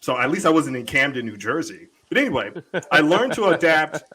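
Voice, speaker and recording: Animated, profane man telling stories. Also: a little high, brisk, slightly rough, low-quality recording. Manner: profane and animated, acting out quoted voices. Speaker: panel show guest. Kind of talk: casual storytelling.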